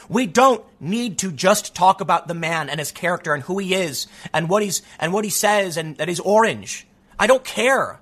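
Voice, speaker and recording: A political commentator hosts a show in a high-pitched male voice at normal speed. His monologue is opinionated, animated, and emphatic, and he acts out quotes by imitating other people's voices.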